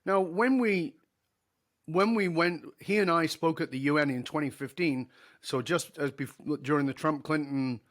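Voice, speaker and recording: A man's voice: on the high side, measured pace. A middle-aged man, a leadership speaker telling a story as a podcast guest, acting out the dialogue and laughing along. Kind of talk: conversational storytelling.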